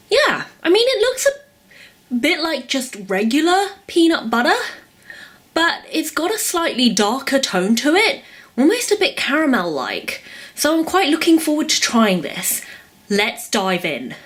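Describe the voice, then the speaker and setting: Young woman talking thru a food taste test, kinda high voice, chatty, describes every bite. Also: a bit bright. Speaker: food vlogger. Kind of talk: casual taste-test vlog.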